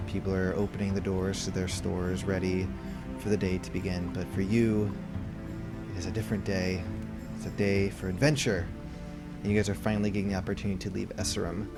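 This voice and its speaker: A man running a tabletop game as game master, narrating in a relaxed way with many fillers, music behind. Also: deep voice, a little fast.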